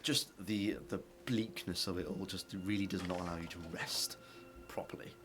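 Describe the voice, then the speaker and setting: Low-voiced man running a tabletop game. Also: moderate pace, music in the background. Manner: relaxed, casual, with frequent fillers. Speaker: game master. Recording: audible background noise.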